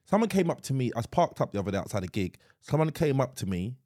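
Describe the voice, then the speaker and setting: A man, co-hosting a casual podcast, quick and chatty, often cutting in. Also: medium pitch, very animated, mellow, dry recording, clean studio sound. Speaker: podcast co-host. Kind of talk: casual chat.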